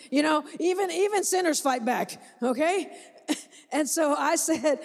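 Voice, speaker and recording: Woman, missionary, animated testimony with repeats for emphasis; slightly high voice, long hall reverb. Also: measured pace, pauses often. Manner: animated storytelling, laughing, repeating phrases for emphasis. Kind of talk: personal testimony to a church audience.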